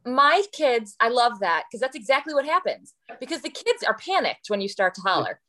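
A woman's voice: fairly high pitch, moderate pace. A woman who teaches kindergarten, chatting casually as a podcast guest and mimicking her students' voices. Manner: lively, mimics children's voices. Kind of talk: casual chat.

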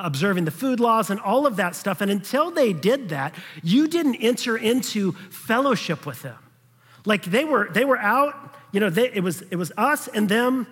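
A man's voice: sits high, a bit bright, slightly rough. Male pastor preaching in a reverberant hall. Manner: conversational preaching, checks in with the congregation; acts out quoted voices in passing. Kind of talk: sermon.

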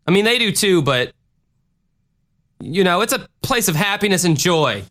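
A man hosting a podcast, answering listener questions in a profane, rambling way with animated rants. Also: high-pitched, moderate pace. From Florida. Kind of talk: casual podcast rant.

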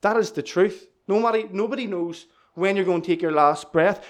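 A man's voice: high-pitched, moderate pace. A man preaching an evangelistic sermon, urgent and pleading, driving home key phrases again and again.

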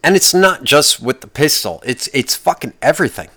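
A man's voice: on the high side, expressive, moderate pace, sharp tone, no room sound. A young man ranting casually on his vlog, swearing constantly, rambling with restarts and bursts of fired-up outrage. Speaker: vlogger. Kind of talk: profane casual rant.

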